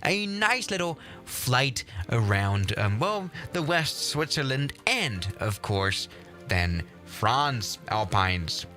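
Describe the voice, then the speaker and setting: Lively, bright-voiced young man streaming a game. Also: medium pitch, slow pace, soft background music. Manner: excitable, exasperated, stumbling restarts. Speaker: flight sim streamer. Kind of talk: casual gameplay commentary.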